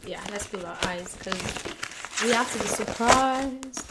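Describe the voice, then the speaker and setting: A woman chatting excitedly to her camera as a book vlogger, bubbly and giggly, gushing as she goes. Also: medium pitch, takes it slowly, heavy background noise. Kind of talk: excited casual vlog chat. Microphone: compact camera mic.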